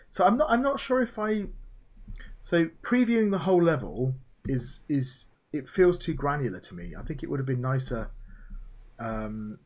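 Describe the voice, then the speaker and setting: A man playing through a student game, chatting about it and reading its lines aloud. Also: mid-range voice. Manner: chatty, muses aloud, reads game text aloud. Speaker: lecturer playing student games. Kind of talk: let's play with feedback commentary.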